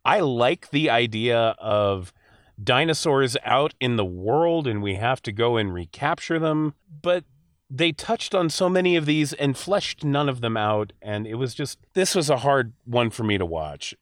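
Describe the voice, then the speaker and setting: A man's voice: medium pitch, animated, measured pace, no room sound, studio quality. A man hosting a podcast, giving frank, opinionated movie reviews in casual chat. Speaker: podcast host.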